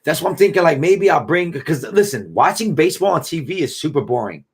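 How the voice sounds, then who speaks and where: A man's voice: fairly high pitch, expressive, fairly quick, breathy edge. A man, hosting a casual live stream and reading out viewer comments in laid-back, slangy banter. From Buffalo, New York. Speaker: livestream host reading chat.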